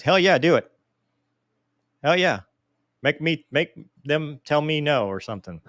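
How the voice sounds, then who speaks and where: A man's voice: a little high, normal speed, no echo, clean studio sound. Joking man reading viewer questions. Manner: joking, self-deprecating, animated. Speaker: host answering viewer mail. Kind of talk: casual live Q&A chat.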